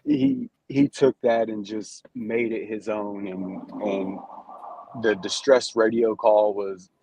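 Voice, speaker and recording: A paintball referee talking casually, relaxed, explaining with restarts. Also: male voice, on the low side, slow pace, creaky, a little hiss or hum, low-quality recording. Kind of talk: casual chat.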